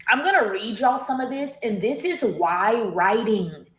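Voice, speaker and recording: A woman's voice: a little high, animated, measured pace, a bit bright, slight background noise. A woman reading entries from her old diary aloud, breaking off for chatty asides to her listeners. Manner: chatty, addresses listeners as y'all. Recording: echoey room.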